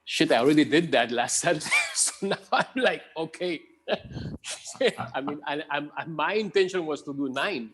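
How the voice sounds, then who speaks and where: A man chatting on a casual podcast with a bright, forward voice. He talks loosely, with fillers, and keeps checking in with "right?". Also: on the high side, normal speed, slight background noise. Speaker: podcast co-host. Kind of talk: casual conversation.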